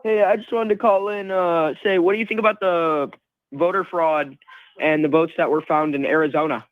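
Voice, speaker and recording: A man's voice: fairly high pitch, fairly even intonation, moderate pace, no echo. A young man calling in to a talk show, hesitant and defensive. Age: young adult. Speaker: caller. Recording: tinny phone line.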